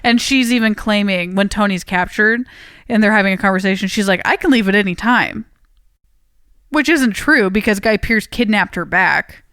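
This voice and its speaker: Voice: medium pitch, normal speed, sharp tone, clear, resonant tone, dry recording, clean studio sound. A podcast co-host recapping a film plot in casual chat, eager and full of filler "like"s.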